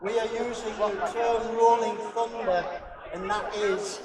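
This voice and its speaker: A biker addresses a rally crowd in a plain, encouraging way. His voice is high and heard from far off, with a very loud crowd and an echo. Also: fairly even intonation, measured pace. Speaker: biker group speaker. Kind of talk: outdoor rally speech. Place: outdoors at a street rally. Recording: distant mic outdoors with very loud crowd.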